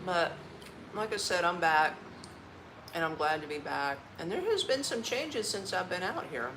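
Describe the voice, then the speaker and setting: A woman in Orlando, Florida runs a casual live stream from her apartment, tired and eating while she talks. Her lowish voice has a sing-song lilt at normal speed, she laughs often and uses folksy slang, and there's background noise.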